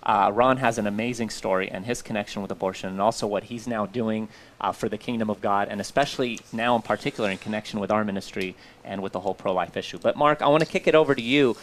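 A man's voice: lowish voice, fast talker, hardly any pauses, a little hiss or hum. A man co-hosting a talk show, speaking earnestly and reflectively with frequent fillers. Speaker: co-host. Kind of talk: casual talk-show chat.

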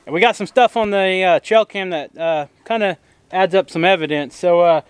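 A man's voice: high-pitched, normal speed, clean tone, no echo. A man vlogging outdoors on his farm, speaking in a plainspoken way with frequent fillers. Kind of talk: casual vlog talk.

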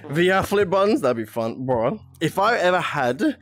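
Young male streamer, fairly high voice, bouncy pitch, laughs a lot, faint music behind. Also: very animated, normal speed. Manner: giggly, laughs often, swears casually, reads chat aloud. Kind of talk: casual live-stream chat while playing. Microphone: VR headset mic.

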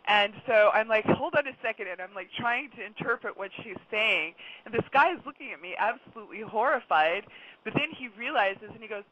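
A middle-aged woman, a regular guest on a radio talk show, telling a long story in a chatty, lively way and laughing often. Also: mid-range voice, a little fast. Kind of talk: casual radio chat. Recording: dull lo-fi sound, faint noise.

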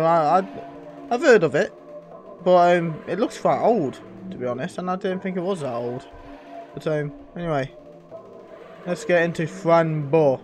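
A man doing let's play commentary, sarcastic and sweary, talking back to the game. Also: a little high. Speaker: gaming channel host.

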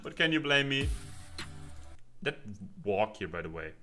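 A man hosting a reaction video, commenting with quick exclamations and laughs. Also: on the low side, big pitch swings, sharp tone, soft background music.

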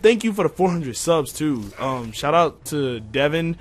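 A young man venting to his viewers in a profane, exasperated rant, going quiet when he calms down. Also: unhurried. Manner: profane, exasperated, jumping pitch when heated. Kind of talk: casual rant to camera.

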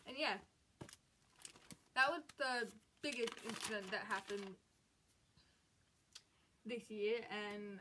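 A woman's voice: medium pitch, slow, long pauses, pushed and bright, a little hiss or hum. A woman in her late teens telling a frustrated storytime rant about school, with an emphatic, exasperated way of retelling what happened. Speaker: vlogger.

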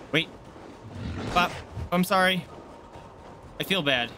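A man streaming a game and commenting live, excitable, yelping and swearing as he plays. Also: sits high, extremely slow, background noise. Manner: excitable, yelps and swears mid-fight. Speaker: gaming streamer.

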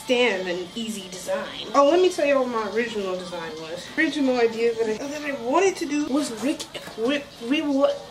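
Recorded roughly from a distance, a woman vlogs with a slightly high voice, talking a little fast and barely pausing. Her casual, exclamatory chat is aimed straight at her viewers, with spooky background music running under it.

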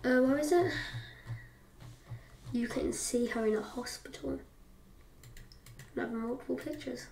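A woman's voice: sits high, steady tone, a little slow, pauses often, a little mellow. A British woman giving a casual reaction commentary, talking back at the screen in a defensive, mocking way. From Britain. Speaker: YouTuber reacting to a video. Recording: roomy, distant mic, faint background noise.

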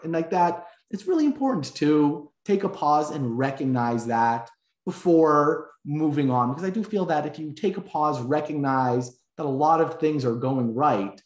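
A man's voice: medium pitch, lively intonation, normal speed. A man, a breathwork instructor, telling stories in a reflective, earnest way during a casual interview. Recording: roomy echo.

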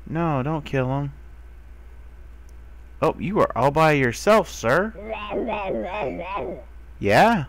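A young man giving casual commentary while playing a video game, who talks to the animals he finds and gets excited, sometimes swearing. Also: on the high side, slow, long pauses. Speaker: gamer. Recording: faint background noise.

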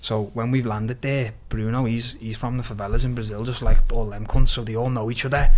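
A man from Liverpool with a Scouse accent, a podcast guest lively retelling his story with quoted dialogue and plenty of swearing. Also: mid-range voice, a little fast. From Liverpool, England. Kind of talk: casual storytelling interview.

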